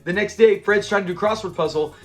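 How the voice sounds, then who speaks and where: A man with a fairly high voice recapping a classic sitcom episode on his own channel. He talks casually and with animation, slipping into the characters' lines as he goes. Soft background music plays under him. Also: brisk. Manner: chatty, animated, acts out quotes.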